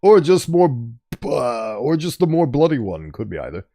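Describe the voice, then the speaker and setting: A man's voice: mid-range voice, big pitch swings, normal speed, dark tone. A man streaming a game, chatting playfully with viewers and laughing often. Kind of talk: casual gameplay commentary.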